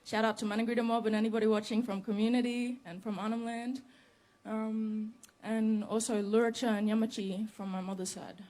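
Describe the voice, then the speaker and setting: A young woman, a rapper talking earnestly to a live crowd between songs, quietly and quickening when excited. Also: a little high. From Northern Territory, Australia. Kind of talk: onstage talk between songs. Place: outdoor festival stage.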